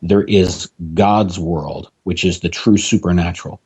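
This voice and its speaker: A man's voice: sits low, steady tone, measured pace, darkish tone, husky, dull audio. A man, a podcast guest, telling long anecdotes about an old friend and quoting him at length. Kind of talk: storytelling interview guest.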